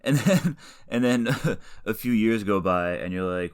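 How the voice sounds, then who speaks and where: A man's voice: low voice, lively intonation, normal speed. A man in his late twenties, a podcast host rambling through a casual, self-deprecating solo monologue full of tangents.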